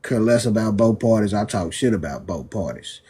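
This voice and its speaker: Man from the US, debate moderator, casual, dismissive, husky low voice. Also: expressive, normal speed, dark tone. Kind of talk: heated live debate.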